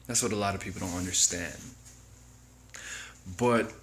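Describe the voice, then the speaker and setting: A man giving a slow, reflective motivational monologue that circles back on its own phrases. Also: deep voice, a bit bright, a little hiss or hum. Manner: slow, deliberate, repeats phrases. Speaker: motivational speaker.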